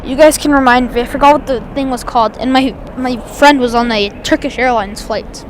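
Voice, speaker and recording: High-voiced woman chatting plane-spotting live. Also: fairly even intonation, fairly quick, a little hiss or hum. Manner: chatty, enthusiastic, rambling with restarts. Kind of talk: live aviation commentary. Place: outdoors at an airport.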